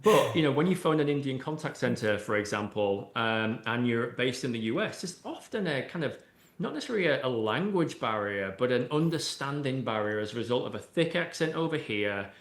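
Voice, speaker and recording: A man's voice: medium pitch, expressive, fairly quick. Chatty man in an echoey room. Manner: explains at length with frequent "you know" and "right?". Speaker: AI and automation expert, podcast guest. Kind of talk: conversational interview answers. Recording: roomy echoey room sound.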